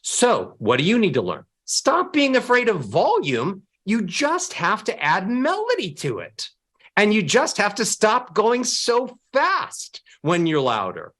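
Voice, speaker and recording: A man speaking as a voice coach, giving a motivational talk and acting out sad, happy and angry ways of speaking. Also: a little slow. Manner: animated, with sweeping pitch.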